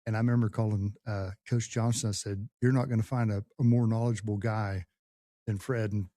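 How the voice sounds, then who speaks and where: Middle-aged male host, mellow tone, dry close-miked sound, folksy and rambling. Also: fairly low pitch, little pitch movement, fairly quick, no room sound. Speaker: podcast host. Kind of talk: casual podcast conversation.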